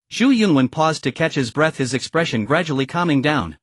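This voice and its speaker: A man reading a first-person martial arts story as an audiobook narrator, in an even storytelling manner. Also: fairly high pitch, a little fast, few pauses, no echo.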